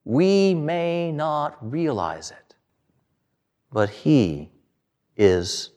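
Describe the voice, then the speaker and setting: A man preaching a sermon in a slow, dramatic way, with long pauses and phrases that fall away at the end. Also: high voice. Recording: long hall reverb.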